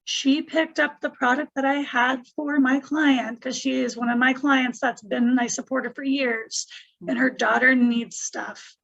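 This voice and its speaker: A woman's voice: high voice, steady tone, measured pace, gravelly, a bit bright, muffled recording. A woman on a team call, speaking a heartfelt tribute while close to tears. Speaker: team member.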